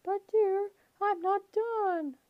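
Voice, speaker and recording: A woman voicing a nervous satyr boy who puts on a shrill falsetto, fluttering and placating. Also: fairly even intonation, drawn-out words, no room sound, muffled recording, heavily acted. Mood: nervous coy. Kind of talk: audiobook character voice.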